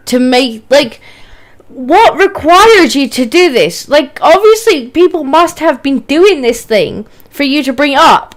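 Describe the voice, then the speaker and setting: A young woman chats on her gaming stream, sounding animated and incredulous as she laughs her way through stories. Her voice sits a little higher than most women's, close on a desk mic. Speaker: streamer host. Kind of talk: casual gaming chat.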